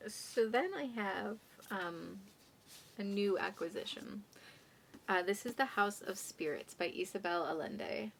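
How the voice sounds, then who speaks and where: A young woman chatting casually about books for her vlog, self-deprecating and drifting into soft asides. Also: medium pitch, measured pace, creaky, a little hiss or hum. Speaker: book vlogger. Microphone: phone condenser mic.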